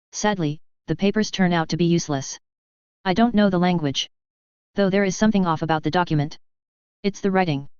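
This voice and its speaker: A woman reading a story in first person in an even, measured way, on slightly dull lo-fi audio. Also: lowish voice, clean tone, no echo. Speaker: audiobook narrator. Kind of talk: scripted first-person narration.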